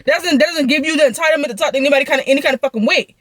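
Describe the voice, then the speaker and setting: Fast, heated young woman ranting. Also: high voice, a bit bright, no room sound. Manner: heated, profane, rapid ranting. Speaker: storyteller. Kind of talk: venting storytime.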